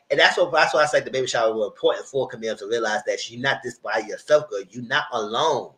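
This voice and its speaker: A man's voice: mid-range voice, fairly quick, few pauses, sharp tone, a little hiss or hum, low-quality recording. A man hosting a live TV review, recapping episodes in a chatty, rambling way. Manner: chatty, rambling, slips into character voices. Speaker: TV review host. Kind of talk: casual TV recap commentary.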